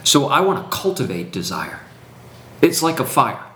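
A man's voice: mid-range voice, very animated, moderate pace, pushed and bright, slight background noise. Emphatic man teaching, roomy echo. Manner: emphatic, preacherly build-ups with repetition. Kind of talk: teaching conversation.

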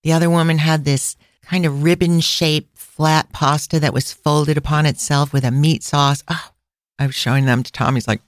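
Podcast co-host: chatty middle-aged woman, mid pitch, close dry sound. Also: fairly even intonation, moderate pace, dry recording. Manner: chatty, laughs often. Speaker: podcast co-host and travel planner. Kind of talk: casual travel podcast chat.

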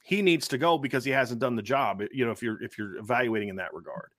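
A man's voice: mid-range voice, fast talker, a bit bright, no echo. A man co-hosting a casual sports podcast, emphatic and full of restarts and rhetorical questions, recorded on a close, dry mic. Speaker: podcast co-host, football analyst.

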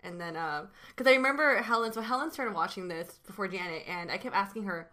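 A woman co-hosting a casual podcast chat, talking excitedly and emphatically. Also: medium pitch, fast talker, hardly any pauses. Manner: excited, emphatic, says "literally" and "dude". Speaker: podcast co-host.

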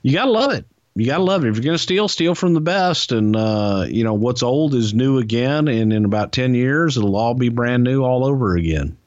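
A man's voice: mid-range voice, expressive, brisk, few pauses, a little mellow, no echo. A man hosting a casual podcast, chatting enthusiastically with jokes. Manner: enthusiastic, jokey. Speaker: podcast host. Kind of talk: casual commentary. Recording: dry muffled lo-fi recording.

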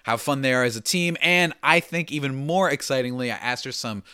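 A man's voice: mid-range voice, fairly quick, bright, forceful tone, smooth, no echo, clean studio sound. A young man hosting a podcast, talking energetically and rambling with lots of fillers. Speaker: podcast host. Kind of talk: casual podcast chat.

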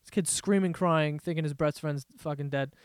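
A young man rants on his podcast in a crisp, smooth voice that sits a little high. He tells a story casually, swearing often, exasperated and joking. The sound is close and dry, with no room echo. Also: normal speed. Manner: profane, exasperated, jokey storytelling. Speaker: podcast host. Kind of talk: casual ranting monologue.

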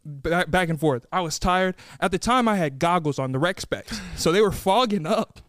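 A man's voice: high-pitched, lively intonation, moderate pace, a bit bright, dry recording, clean studio sound. A young man who is a guest on a casual podcast, telling a story about himself in a sheepish way and laughing between lines. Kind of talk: casual chat.

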